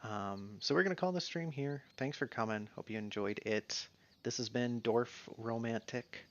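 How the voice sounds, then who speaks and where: A man streaming a game in a relaxed, casual way, musing to himself as he plays. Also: mid-range voice, moderate pace. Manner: easygoing, mumbles to himself while playing. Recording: slightly dull sound, faint music behind.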